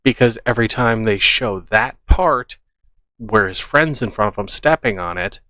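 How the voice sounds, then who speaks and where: Guy reacting to clips, skeptical, calling stuff out, somewhat low voice. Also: expressive, moderate pace, pushed and bright, no room sound. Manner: skeptical, debunking. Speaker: reaction video host. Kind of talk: casual commentary.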